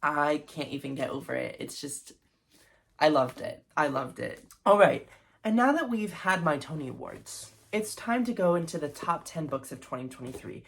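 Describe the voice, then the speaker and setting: A woman's voice: low voice, very animated, moderate pace, gravelly. A young woman reviewing her favorite books in a casual vlog, gushing and effusive, with lots of fillers and restarts. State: recovering from covid. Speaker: book vlogger.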